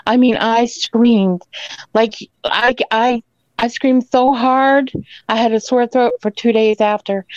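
A woman's voice: fairly high pitch, a little mellow, no echo, highs cut off. A woman telling her own story in an emphatic, rambling way, often tagging her sentences with "okay?". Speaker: caller telling an encounter story. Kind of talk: emotional first-person storytelling.

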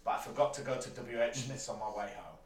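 A man's voice: mid-range voice, fast talker. A man with a Yorkshire accent co-hosting a podcast, reading out listener letters in a playful, teasing way. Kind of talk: casual chat. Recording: roomy, distant mic.

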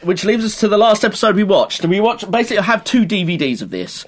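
Man, podcast co-host, casual banter, slightly high voice, swears and jokes. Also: big pitch swings, fast talker. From England. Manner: jokey, swearing, recaps episodes. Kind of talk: casual chat.

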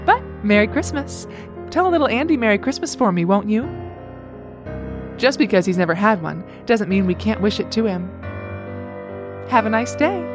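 A woman playing a proud, vengeful mother who speaks in crisp, sarcastic put-downs. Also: medium pitch, expressive, normal speed, pauses often, over music, close to an everyday voice. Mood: cutting sarcastic. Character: proud cutting upper-class mother, icy and vengeful. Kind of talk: comedic audio drama acting.

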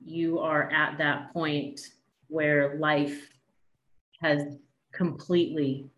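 A woman's voice: deep voice, echoey room. A woman hosting her podcast, gushing and emotional, with casual swearing in her talk. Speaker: podcast host. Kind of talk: casual interview chat.

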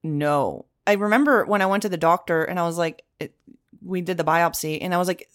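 A woman in casual conversation, telling expressive stories in quick bursts and slipping in Spanish fillers. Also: fairly low pitch. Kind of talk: casual chat.

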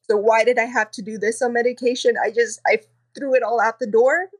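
A woman's voice: a little high, steady tone, husky. A woman who is a podcast guest, telling a personal story in an earnest, emotional way. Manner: earnest, emotional, quick recounting.

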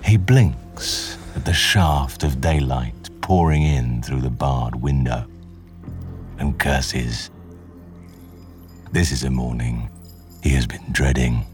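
A male podcast host narrates a history story in a scripted, dramatic way. His voice is extremely low and deep, and he paces each sentence with measured care. Soft music plays faintly underneath.

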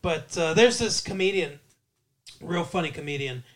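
A man with a fairly high voice co-hosts a loose movie-review chat. He rambles through his points, jokes constantly and drops into short silly voices. The tone stays casual and unscripted. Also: animated, normal speed. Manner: playful, rambling, breaks into bits of funny voices. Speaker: podcast co-host.

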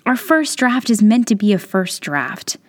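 A woman in her thirties hosts her own solo podcast, talking straight to listeners in a chatty, encouraging way packed with "like" and "you know." Her medium-pitched voice swings widely in pitch and runs a little slow.

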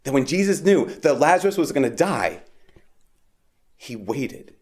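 A man's voice: fairly high pitch, big pitch swings, brisk, a little mellow. Man preaching a casual Mass homily. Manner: conversational, frequent "like", restarts, emphatic rises.

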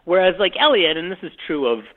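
A man speaks over a tinny phone line, sounding narrow and lo-fi. He is a film director answering interview questions, relaxed and rambling, often restarting his sentences. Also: high-pitched, fast talker. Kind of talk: conversational interview.

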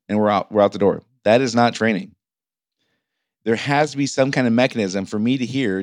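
A middle-aged man who coaches businesses hosts a solo business podcast, speaking informally and frequently stumbling over words and restarting sentences. His lowish voice moves fairly quickly, with clean studio sound and no echo.

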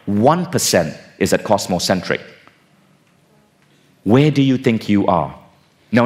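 A man delivers a personal growth keynote on stage in a fairly low voice. He speaks emphatically and casually and talks straight to the audience. Now and then he drops in a swear word for punch. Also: darkish tone. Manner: emphatic, casual, sometimes profane.

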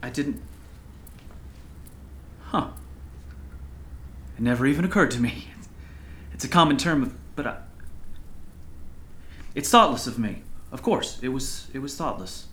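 A man's voice: mid-range voice, expressive, a little slow, long pauses, pushed and bright. A middle-aged man playing a talkative, folksy small-town pastor in an audio drama, who keeps calling others son. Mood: sheepish.

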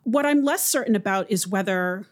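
A woman linguist explaining speech features in a measured, academic interview manner. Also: medium pitch, lively intonation. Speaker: linguist guest.

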